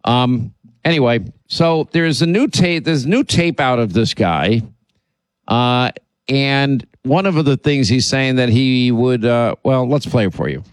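A man's voice: mid-range voice, expressive, measured pace, no room sound. A man hosting a political radio talk show, speaking emphatically and indignantly, often repeating himself. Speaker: radio and podcast host.

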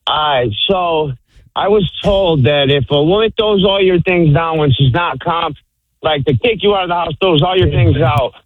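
An easygoing man calls in to a radio show, stumbling a little as he starts. His slightly high voice comes through a tinny phone line, dry and close. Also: normal speed, dry recording. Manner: easygoing, hesitant. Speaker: caller. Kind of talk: casual phone call.

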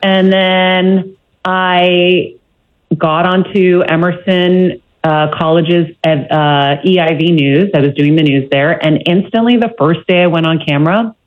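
A woman from Medford, Massachusetts, who grew up speaking Greek, talks in a bubbly, quick way. She comes through a muffled, glitchy remote connection that dulls her voice. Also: fairly low pitch, fairly even intonation. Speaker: TV host and guest. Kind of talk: remote radio interview.

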